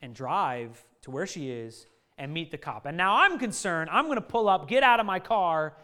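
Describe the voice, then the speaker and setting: A man in his thirties telling a funny family story to a live audience, lively and joking, often laughing at his own lines. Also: on the high side, normal speed. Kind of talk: animated anecdote to a live audience.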